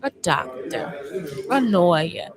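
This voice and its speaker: A woman's voice: fairly low pitch, very animated, slow pace, crowd noise, poor audio. A woman hosting a casual podcast, chatting loosely and swearing freely as she talks to her listeners. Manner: rambling, profane, chatty with listeners. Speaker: podcast host. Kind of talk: casual livestream podcast chat.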